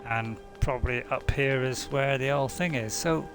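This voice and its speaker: A man's voice: medium pitch, normal speed, music in the background. A man, a game streamer, giving casual, rambling let's-play commentary full of asides. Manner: chatty, rambling, many fillers and asides.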